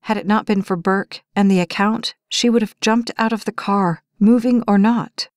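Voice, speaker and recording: A woman narrating an audiobook in an even, measured storytelling voice. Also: medium pitch, no room sound, clean studio sound.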